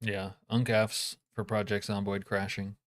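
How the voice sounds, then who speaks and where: A man's voice: fairly low pitch, little pitch movement, unhurried. A man live-streaming a game, chatting casually with his viewers, profane and joking, grumbling when things go wrong.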